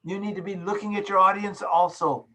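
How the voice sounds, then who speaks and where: A man's voice: high voice, steady tone, fairly quick, sharp tone, slight background noise. A man lecturing in a recorded video session, emphatic, repeating his key phrases and acting out small examples. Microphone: video call.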